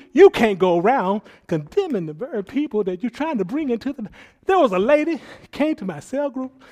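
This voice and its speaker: A male pastor preaching a sermon, swinging between hushed asides and loud preaching and mimicking people in quoted voices. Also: very high voice.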